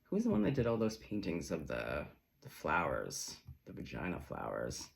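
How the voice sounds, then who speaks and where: A man's voice: very deep voice, huge pitch swings, moderate pace, gravelly. A man giving a casual tarot reading in a sassy, chatty, profane manner. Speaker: tarot reader.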